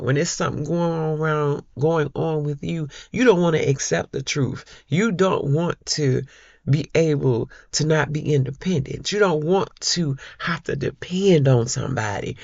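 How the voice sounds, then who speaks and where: A middle-aged woman vlogger chatting to her viewers, telling a personal story in a slow, heartfelt way and calling them y'all. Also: low-pitched, gravelly, a little mellow, no echo, dull audio. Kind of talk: casual chat to viewers.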